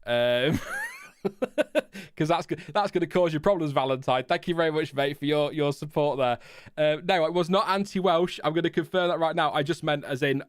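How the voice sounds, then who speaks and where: A man in his thirties from Lincolnshire, England, hosts a casual F1 channel live stream, answering viewers with rambling, self-deprecating asides and frequent chuckles. His voice is a little high, brisk, and clean, captured on a dry, clean studio recording.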